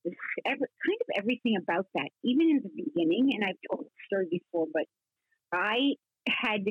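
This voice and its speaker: A woman in her sixties, a guest actress telling rambling, animated stories in a casual interview, full of restarts. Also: medium pitch, fairly quick, no echo. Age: 60s. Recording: husky voice over a tinny phone line.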